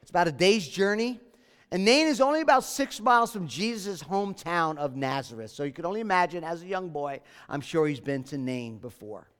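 A man's voice: a little high, lively intonation, a little fast, a bit bright, clean tone, big-room sound. A man preaching a sermon as pastor, earnest and emphatic, repeating his key phrases.

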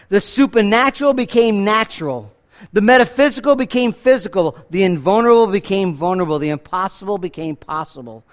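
A male pastor preaching a sermon to a church congregation, emphatic, swinging between loud declarations and hushed lines, asking rhetorical questions. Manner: emphatic preaching with big swings in pitch and loudness.

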